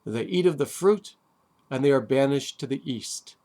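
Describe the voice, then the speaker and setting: A man, a rabbi, giving a sermon on the weekly Torah portion, deliberate with dramatic pauses and wry asides. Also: medium pitch, lively intonation, mellow. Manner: deliberate, with long dramatic pauses and emphatic stresses.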